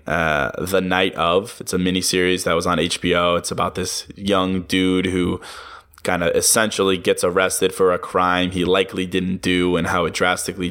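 Swearing often and chuckling at his own expense, a young podcast host talks openly in a laid-back solo monologue. He has a low voice with a fairly bright tone.

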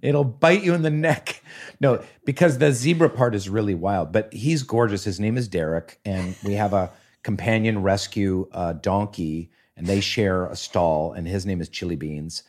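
A man in his fifties chatting as a podcast guest, telling stories with lively acted-out voices and sound effects. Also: low-pitched, moderate pace, few pauses. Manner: animated storyteller, acts out voices and sound effects. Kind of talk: casual storytelling chat.

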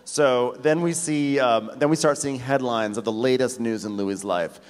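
A man's voice: medium pitch, moderate pace. A man co-hosting a comedic recap show live on stage, wry and conversational. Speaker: podcast co-host. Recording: live hall reverb.

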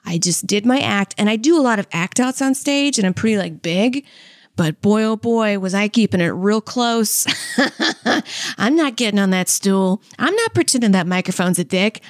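A young woman who is a stand-up comic and co-host tells stories casually in a mid-range voice, acting out what people said and laughing often. The recording is dry and studio quality.

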